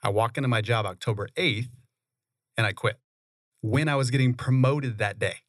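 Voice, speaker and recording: A man, a real estate investor, telling his story in a relaxed, conversational way in a radio studio. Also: mid-range voice, moderate pace, no room sound. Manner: relaxed, conversational, laughs often. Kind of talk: interview storytelling.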